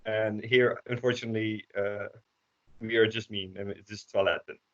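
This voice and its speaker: Low-voiced Dutch man teaching on a call. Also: fairly even intonation, normal speed. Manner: hesitant, many fillers, explains step by step. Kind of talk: online class teaching. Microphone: computer microphone on a video call. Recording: dull lo-fi call audio.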